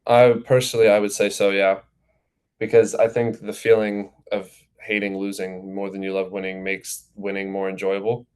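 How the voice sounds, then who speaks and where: Low, flat-voiced teenage man. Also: normal speed, smooth. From New Jersey, USA. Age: teens. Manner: relaxed, rambling with many fillers. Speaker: goalkeeper guest. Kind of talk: casual interview answers.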